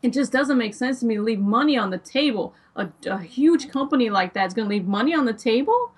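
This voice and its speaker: A woman's voice: on the high side, expressive, a little fast, slightly rough, distant mic. Opinionated woman co-host, a bit off-mic. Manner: opinionated, argues a point at length. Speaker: podcast co-host. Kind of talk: casual chat.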